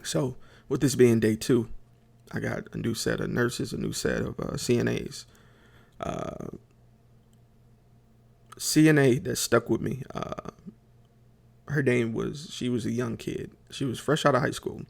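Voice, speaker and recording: A man's voice: mid-range voice, steady tone, measured pace, creaky, long pauses. A man hosting a podcast, telling a comic story in a rambling, chatty way, full of fillers and talking straight to his listeners. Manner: chatty, addresses listeners directly; rambling with many fillers and restarts. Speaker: podcast host.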